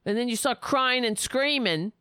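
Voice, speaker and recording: A woman delivering angry, sarcastic political commentary, ranting heatedly with profanity and sudden loud bursts. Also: fairly high pitch, normal speed, clear, resonant tone, no room sound, clean studio sound.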